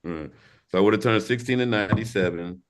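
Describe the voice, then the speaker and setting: A man's voice: fairly low pitch, quick pace. A man in his forties from St. Louis, telling stories as a podcast guest in a laid-back, slangy, rambling way. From St. Louis, Missouri. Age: 40s. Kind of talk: casual interview storytelling.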